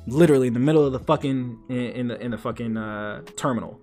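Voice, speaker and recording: A man's voice: mid-range voice, animated, fast, few pauses, soft background music. A man hosting a podcast, telling a long story in casual, profane chat and acting out the quotes. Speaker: podcast host.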